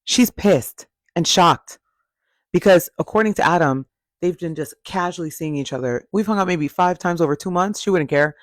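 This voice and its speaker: A man's voice: high-pitched, normal speed, no room sound. Sassy man with a dry close voice. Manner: sassy, blunt and profane. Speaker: reality TV recap commentator. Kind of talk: casual opinionated recap.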